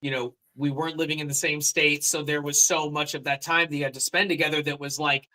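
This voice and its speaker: A man's voice: on the high side, flat delivery, fast talker, bright, forceful tone, poor audio. A recording artist in casual chat, reflecting at length on his song with many fillers.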